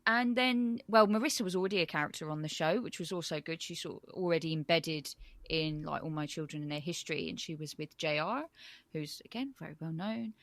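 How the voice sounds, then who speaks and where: A woman's voice: sits low, a little fast, no echo. A woman co-hosting a podcast in casual chat, rambling and gushing with many ums. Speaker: podcast co-host.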